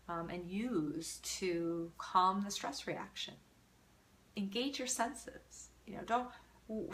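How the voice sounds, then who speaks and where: A woman's voice: medium pitch, bright, forceful tone. A middle-aged woman teaching parents in a live Q&A, earnest and acting out little quotes of parents and kids. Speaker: parenting educator.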